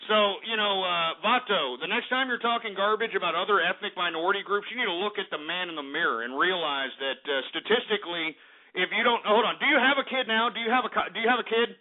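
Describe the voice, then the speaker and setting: A man's voice: high-pitched, quick pace. A man hosting a call-in talk radio show, ranting in a combative, profane way. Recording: tinny phone-like radio audio.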